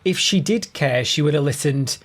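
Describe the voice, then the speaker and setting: Animated Australian woman co-host. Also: low-pitched, normal speed, slightly rough. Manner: animated, playful and teasing. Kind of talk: casual comedic chat.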